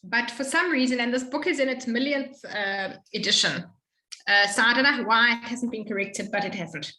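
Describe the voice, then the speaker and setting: A woman tutoring a student in Hebrew reading, explaining patiently and slowly modeling each sound. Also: on the high side, sharp tone, echoey room, poor audio. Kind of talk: one-on-one reading lesson.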